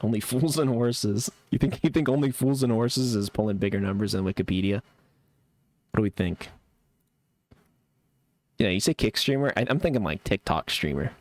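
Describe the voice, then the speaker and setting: A man's voice: fairly low pitch, lively intonation, moderate pace, long pauses. A young man streaming a game live, chatting casually with a sarcastic, laid-back manner and frequent laughs while reacting to chat.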